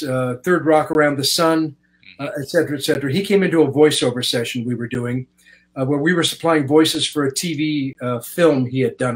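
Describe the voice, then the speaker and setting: An older man from Canada, a voice actor telling stories in a relaxed interview and slipping into voices as he goes. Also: medium pitch, rough recording. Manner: animated, slips into voices while telling stories. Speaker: guest voice actor. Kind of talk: casual interview storytelling.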